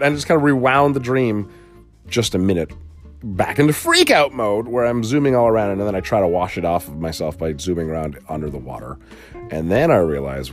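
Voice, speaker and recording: Male podcast host, casual and rambling, low voice that swings up and down a lot. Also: a little fast, soft background music. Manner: rambling, animated storytelling with many fillers. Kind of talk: casual solo podcast, recounting a dream. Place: small home podcast studio.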